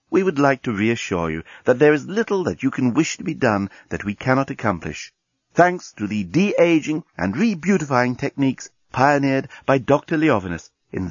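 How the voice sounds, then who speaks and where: A man's voice: mid-range voice, slightly rough, no echo. A soothing beauty-machine voice, as a man puts it on. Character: reassuring machine voice of a beauty device. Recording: dull lo-fi recording.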